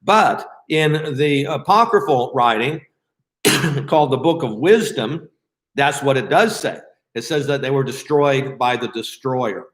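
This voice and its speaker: Man, Bible study teacher, casual and rambling, mid-pitched voice, roomy echo. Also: animated, measured pace. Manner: conversational, with frequent fillers and restarts.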